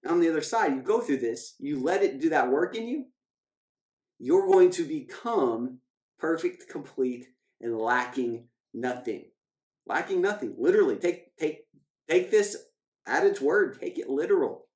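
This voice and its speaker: A man, a financial coach, giving an emphatic motivational scripture talk, repeating key phrases and slowing down to read verses. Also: fairly high pitch, expressive, a little mellow. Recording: echoey room.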